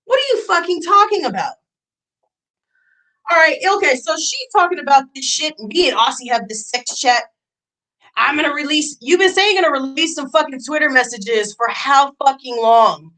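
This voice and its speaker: Animated, high-pitched ranting woman streamer. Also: normal speed, poor audio. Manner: profane, mocking, exasperated. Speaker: live streamer. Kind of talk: ranting commentary.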